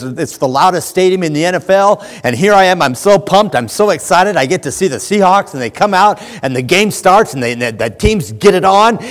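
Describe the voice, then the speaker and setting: A man preaching a lively sermon in a church, animated, shouting at times as he acts things out. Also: high voice. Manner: animated, shouts when acting out a fan. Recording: church hall with long reverb.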